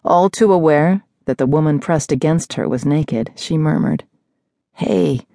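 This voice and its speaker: A woman narrating a romance audiobook in a measured, intimate storytelling manner, recorded close in a studio. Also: low-pitched, mellow, dry recording. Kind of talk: scripted narration.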